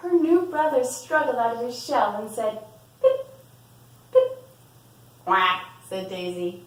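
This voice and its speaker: A woman's voice: a little high, lively intonation, moderate pace, darkish tone. A woman preschool teacher reading a story aloud to young children and leading them in play, asking sing-song questions. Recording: echoey room, voice from far off.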